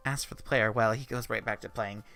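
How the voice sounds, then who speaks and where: Man streamer, bright and gravelly, reading game text with playful asides. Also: fairly low pitch, fairly even intonation, brisk, faint music behind. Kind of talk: reading a visual novel aloud.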